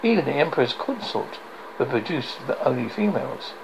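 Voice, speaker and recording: A man's voice: mid-range voice, sing-song, fairly quick, gravelly, noisy background. A man reading as a sneering scheming advisor.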